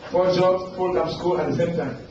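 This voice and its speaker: A man preaching a motivational sermon, asking his listeners questions and acting out the people he quotes in a high voice. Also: steady tone, normal speed, noisy background. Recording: roomy, dull recording from far off.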